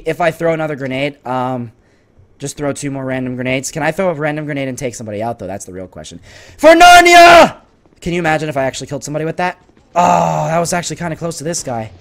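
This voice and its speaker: A man with a hoarse voice giving exasperated, sarcastic, excitable commentary over his own gameplay. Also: a little high. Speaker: gaming channel host.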